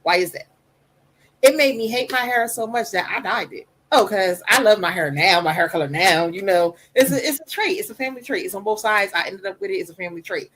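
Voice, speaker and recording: A woman with a soft voice, talking openly as a guest on a podcast. She speaks with emphasis and tells her story animatedly, repeating phrases to drive them home. Her pitch sits in a middle range. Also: fairly quick, slight background noise, rough recording. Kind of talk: candid conversation.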